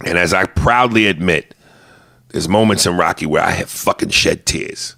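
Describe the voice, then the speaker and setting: A man's voice: low voice, normal speed, vocal fry, pushed and bright. A man hosting a podcast, joking crudely and animatedly in casual chat, at times playing a bossy film director. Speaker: podcast host.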